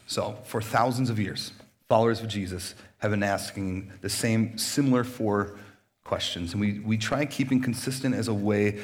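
A man's voice: on the low side, steady tone, normal speed. A man pastor on a church stage inviting people to be baptized, chatty and joking, laughing often and restarting his sentences. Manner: laughs often between phrases. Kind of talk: casual sermon invitation.

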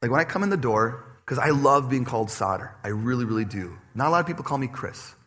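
A man preaching a sermon to his congregation, animated and personal, acting out quoted voices with laughter. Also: medium pitch, fast talker. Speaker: pastor. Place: church stage before a congregation.

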